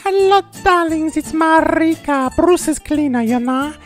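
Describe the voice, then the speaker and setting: A man's voice: very high voice, unhurried, faint music behind, pitched above the performer's own voice. A man voicing a flirty, gushing middle-aged cleaning lady with a Greek accent who calls everyone darling. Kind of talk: comedy character message.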